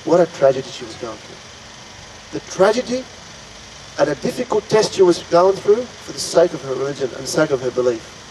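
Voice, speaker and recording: A man's voice: a little high, sing-song, a little fast, a little mellow, slight background noise, low-quality recording. A man earnestly retelling an Islamic story to an audience, dramatic and full of pious exclamations. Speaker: religious storyteller.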